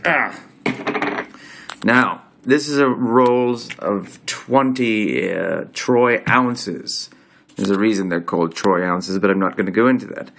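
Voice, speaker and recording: A man's voice: on the low side, takes it slowly, vocal fry, a bit bright. A man casually explaining coins he holds up to the camera, talking in a put-on accent with a loose, rambling delivery that keeps breaking off and restarting. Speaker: video host.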